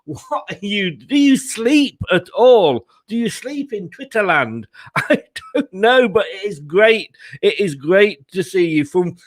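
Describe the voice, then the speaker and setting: A man's voice: high-pitched, animated, measured pace, a bit bright. A man hosting a football fan channel's live stream, casual and chatty, laughing often as he talks.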